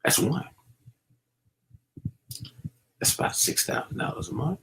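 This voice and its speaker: A man's voice: fast, fairly bright tone, a little hiss or hum. A middle-aged man giving casual, preachy commentary, using street slang and many fillers as he warns young people. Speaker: vlogger.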